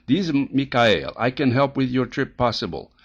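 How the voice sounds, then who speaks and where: A man voicing a businesslike Soviet male travel fixer who speaks in halting, broken English. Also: mid-range voice, big pitch swings, highs cut off, voice pushed up.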